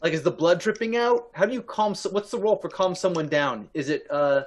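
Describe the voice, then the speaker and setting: Man, tabletop player, casual chat, quick questions, fairly high voice. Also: slight background noise. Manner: quick questions, joking asides.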